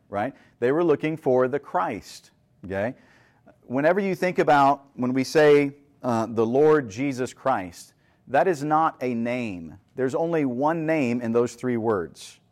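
A man preaches a sermon, reading scripture and explaining it conversationally in a medium-pitched, somewhat dark voice. He keeps posing rhetorical questions to the listeners and checking in with "right?"

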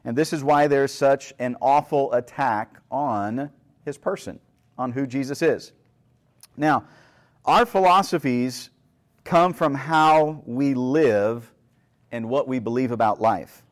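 A man's voice: medium pitch, measured pace. A man preaching a sermon, reading scripture and explaining it conversationally, often asking the listeners questions and checking in with "right?". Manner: conversational, asks rhetorical questions, frequent "right?".

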